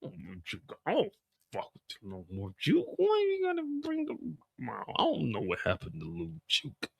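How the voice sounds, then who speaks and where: A man's voice: high voice, wildly swooping pitch, moderate pace, gravelly, fairly bright tone, no room sound, pitched above the performer's own voice, exaggerated voice. A man doing a slurring, mumbling young hustler. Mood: mumbled. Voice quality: slurred, mumbling, drunk-sounding. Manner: whiny, repeats "Juke" constantly. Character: sulking young male street hustler, mumbling.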